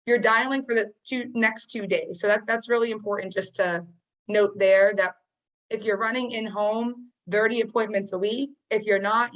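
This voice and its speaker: A woman's voice: mid-range voice, a bit bright, low-quality recording. A woman coaching sales agents on a training call, talking casually and encouragingly, with frequent fillers. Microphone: video call.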